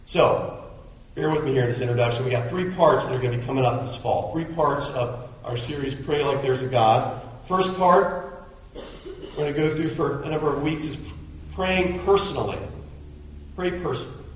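A man's voice: medium pitch, normal speed, a little hiss or hum. A man preaching a sermon as pastor of a church, talking conversationally and acting out the voices in people's heads. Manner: conversational, acts out inner voices. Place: church sanctuary. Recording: very echoey hall.

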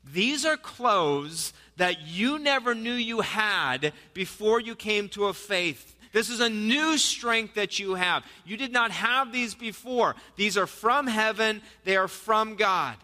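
Man, pastor, sermon, high voice, long hall reverb. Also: expressive, slow pace, hardly any pauses, bright, forceful tone. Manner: conversational preaching, rhetorical questions.

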